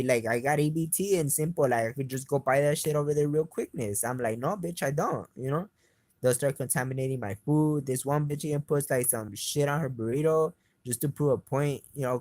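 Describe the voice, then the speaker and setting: A man's voice: mid-range voice, brisk, darkish tone, no room sound. Man, agitated, swearing constantly, rambling story, mid-range voice, dry close sound. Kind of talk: casual first-person account.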